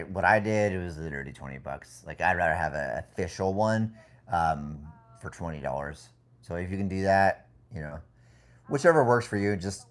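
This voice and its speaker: A very low-voiced man co-hosts a casual live stream from home. He rambles in a loose, easygoing way, circling back and restarting his sentences as he answers viewer questions. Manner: rambling, relaxed, many fillers and restarts. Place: home indoors with a TV in the background.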